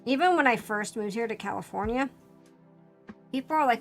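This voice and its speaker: A woman's voice: fairly high pitch, normal speed, long pauses. A woman with a Philadelphia accent, chatting casually as a streamer while building a model kit, rambling with lots of fillers and restarts. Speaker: VTuber streamer. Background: faint background music.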